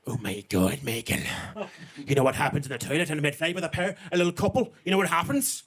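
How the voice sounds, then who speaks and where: A man's voice: on the high side, expressive, fast, fairly bright tone. A man voicing a scandalized, gossiping middle-aged woman with a wobbly put-on Irish accent, nattering breathlessly at an unseen Michael. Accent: Irish, put on unevenly.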